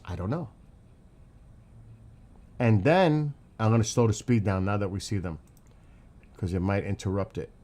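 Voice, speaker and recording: New york guy with the accent, live streaming and talking over flight maps, keeps asking questions, kinda rambly and worked up. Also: medium pitch. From New York City. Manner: excitable, rambling, thinks aloud with questions. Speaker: livestream host tracking flights. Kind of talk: casual live commentary reading chat.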